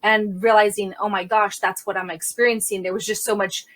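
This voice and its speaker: A young adult woman, a crime scene investigator, telling a candid story in an interview and acting out the quotes loudly. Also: medium pitch, brisk. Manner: animated, acts out quotes loudly.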